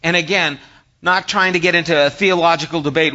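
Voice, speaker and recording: A man preaching a sermon, conversational and animated, moving between hushed reflection and emphatic asides. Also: a little high, unhurried, dull audio. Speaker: pastor.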